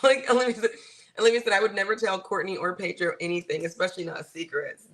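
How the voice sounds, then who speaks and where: A woman co-hosting a casual reality TV recap, giving her measured opinion and her own rules. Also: mid-range voice, steady tone, fairly bright tone, poor audio. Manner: thoughtful, sets out her personal rules. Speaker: podcast co-host.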